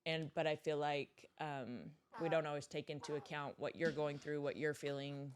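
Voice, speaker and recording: A woman in her thirties co-hosting a podcast with her husband, reflective and soft-spoken as she talks through her feelings. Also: low-pitched, fairly even intonation, normal speed. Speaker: podcast co-host. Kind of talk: casual chat.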